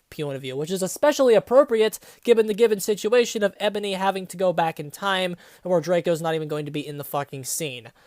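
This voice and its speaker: A woman's voice: on the low side, darkish tone, no echo. Sarcastic young woman, dry close voice. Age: 20s. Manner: sarcastic, swears freely, breaks into laughter. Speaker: reviewer reading fan fiction aloud. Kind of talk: dramatic comedic reading with commentary.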